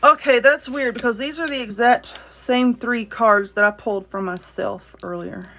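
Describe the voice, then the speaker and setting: A woman's voice: a little high, normal speed, fairly bright tone. A woman with a Southern US accent giving a casual spoken card reading, talking earnestly and directly to the viewer. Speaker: tarot reader.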